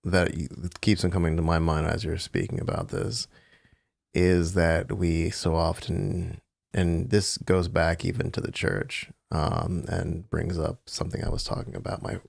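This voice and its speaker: Hombre de voz grave y rasposa. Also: male voice, low-pitched, measured pace, no room sound, clean studio sound. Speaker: podcast co-host. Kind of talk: casual chat.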